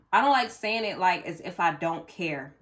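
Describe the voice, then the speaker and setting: A woman's voice: on the low side, animated, slow, a bit bright. A woman reading tarot cards for viewers in a casual, emotional way, cursing freely as she goes. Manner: blunt, emotional, curses freely. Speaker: tarot reader.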